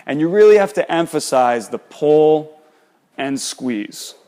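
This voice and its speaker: A man's voice: on the high side, animated, slow pace, mellow, long reverb tail. A man, an exercise specialist, explaining and demonstrating shoulder exercises in a coaching manner.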